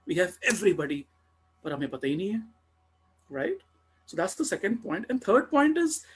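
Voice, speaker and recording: A young man with an Indian accent speaks on a video-call webinar panel, his voice slightly high and husky. He talks with animated emphasis, repeating key words and mixing Hindi into his English.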